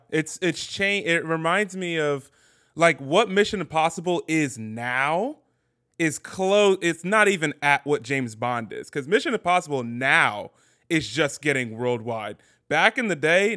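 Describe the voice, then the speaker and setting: A man's voice: on the high side, fairly bright tone. A man co-hosting a podcast in casual chat, easygoing and agreeable. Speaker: podcast co-host.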